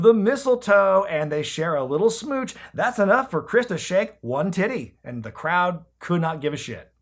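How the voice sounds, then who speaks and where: A man casually recapping an old wrestling episode as a podcast host, joking, swearing now and then and acting out quoted lines. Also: fairly high pitch. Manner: animated, jokey, swears casually, acts out quotes.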